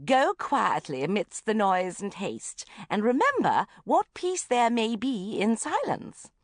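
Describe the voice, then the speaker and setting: Histrionic mother figure for a storybook reading, high and loud, dramatic swoops into whispers , voiced by a woman. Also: sing-song, slow, dry recording, studio quality, full character voice. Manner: histrionic, gushing, swinging into breathy whispers. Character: theatrical, self-dramatizing middle-aged mother.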